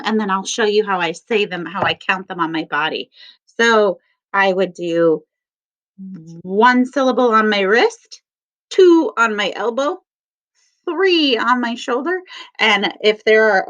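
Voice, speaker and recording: A woman teacher reading a picture book aloud to children, stressing each word slowly in a sing-song way. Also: medium pitch, lively intonation, a bit bright. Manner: slow, sing-song emphasis on words. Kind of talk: read-aloud lesson for children. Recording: dull lo-fi sound.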